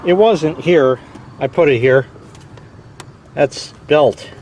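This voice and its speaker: Wry rambling man, high-pitched voice. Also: takes it slowly, darkish tone, slight background noise. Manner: rambling, wry, swears lightly. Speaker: car owner vlogging a repair. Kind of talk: casual vlog. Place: outdoors by a parked car.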